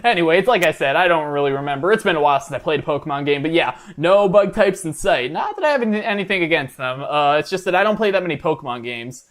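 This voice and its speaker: A man's voice: fairly high pitch, animated, quick pace, few pauses, fairly bright tone. A young man, a college student, rambling through a comedic reaction commentary with lots of fillers and restarts in a mock-earnest way. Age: young adult. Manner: mock-earnest, self-deprecating. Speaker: reaction video host.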